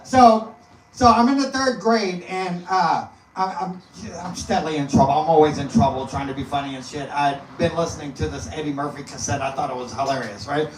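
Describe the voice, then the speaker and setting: High-voiced man rambling through a comic story. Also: fairly quick. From East Texas. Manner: loose and rambling, laughs through punchlines. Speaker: comedian guest. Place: live comedy venue. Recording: echoey room, mic at a distance, faint noise.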